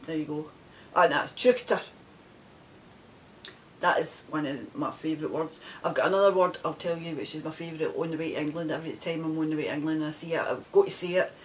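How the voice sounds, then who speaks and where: A woman with a west of Scotland accent hosts her knitting podcast in easy, rambling chat. Her voice sits a little low, and she laughs often between asides. A faint hiss sits under the recording. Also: fairly even intonation, fast talker. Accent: West of Scotland Scottish. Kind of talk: casual chat.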